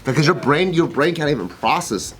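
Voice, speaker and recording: A man's voice: fairly high pitch, expressive, a little fast, fairly bright tone. A man co-hosting a casual podcast, swearing and acting out startled reactions as he talks. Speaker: podcast co-host. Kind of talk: casual chat.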